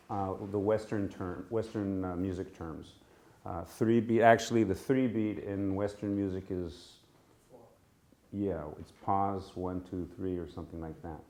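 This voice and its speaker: Casting: man, informal class leader, slow and unhurried, easygoing and self-correcting. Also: lowish voice. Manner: relaxed, halting, self-correcting, chuckles at himself. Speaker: music teacher leading a class. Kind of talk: informal live class instruction. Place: temple room with a live group.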